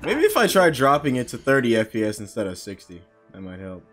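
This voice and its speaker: A man's voice: medium pitch, big pitch swings, brisk, a bit bright, faint music behind. A young man casually commenting on gameplay, joking and sarcastic toward the characters. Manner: jokey, sarcastic, mocks the game characters. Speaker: gaming channel host.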